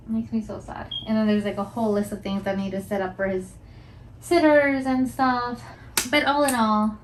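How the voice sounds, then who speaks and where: A woman's voice: on the high side, a little hiss or hum, low-quality recording. A young woman hosting a mental health podcast, talking casually and emotionally in a rambling vlog monologue full of "like". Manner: rambling and emotional, heavy use of filler "like".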